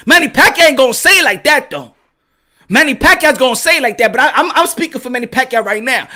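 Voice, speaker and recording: Male boxing commentator, casual and emphatic, high and bright. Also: fast. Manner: animated, emphatic, repeats himself.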